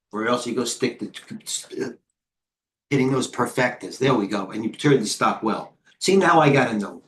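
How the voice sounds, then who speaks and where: A middle-aged host of a live trading stream speaks in a mid-range, fairly bright voice. He is out of breath and rambles casually, with jokes at his own expense and muttered asides.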